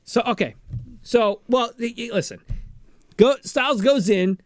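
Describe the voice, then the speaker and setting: A man hosting a podcast, recapping a film in a rambling, joking way with many restarts. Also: very high voice. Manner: rambling, quick, laughing restarts. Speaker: podcast host. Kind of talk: casual comedic recap.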